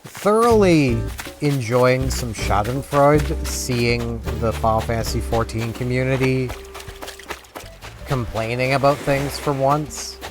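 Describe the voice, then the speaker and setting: A man's voice: medium pitch, slow pace. A man rambling casually as a gaming vlogger, in scattered talk full of restarts. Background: game music.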